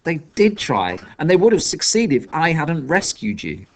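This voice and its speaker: A sharp-tongued young girl inventor, exasperated and scornful, pitched well up high, as a male narrator puts her on. She snaps and hisses her replies in a storybook reading. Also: sing-song, moderate pace, gravelly.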